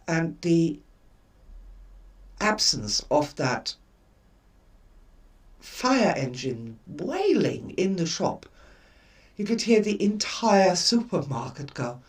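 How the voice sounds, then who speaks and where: An older woman hosting a live stream, telling stories in an expressive way and repeating words for emphasis. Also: sits low, distant mic. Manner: expressive storyteller with emphatic repetition. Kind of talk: casual spoken talk.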